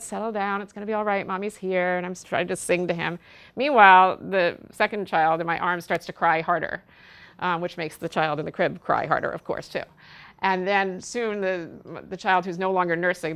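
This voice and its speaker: Middle-aged woman, parenting educator addressing an event; earnest, slightly low voice, plenty of ums. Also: gravelly, fairly bright tone. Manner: earnest, storytelling, frequent ums. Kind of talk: speaking to an audience at an event.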